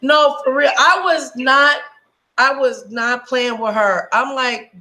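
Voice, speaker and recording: A woman hosting a casual live stream, telling stories in an animated, blunt way and swearing freely. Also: a little high, takes it slowly, echoey room, rough recording.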